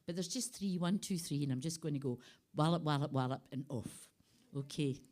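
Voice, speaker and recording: A woman's voice: sits low, brisk, darkish tone. A woman giving a live poetry reading, playful and shifting her voice and dynamics as she reads. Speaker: poet. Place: live venue.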